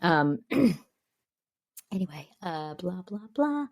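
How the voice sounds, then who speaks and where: A woman's voice: on the low side, big pitch swings, takes it slowly. A woman co-hosting a podcast, recapping a TV episode in casual chat and reading quotes from her notes. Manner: reads quotes from notes, chatty, laughs often. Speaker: podcast co-host.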